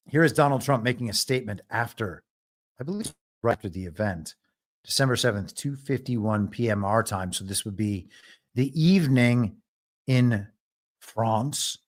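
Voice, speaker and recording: A man's voice: lowish voice, expressive, unhurried, pauses often. A man hosting a live political commentary show alone, wry and argumentative, often laughing at his own jokes. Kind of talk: live solo commentary stream.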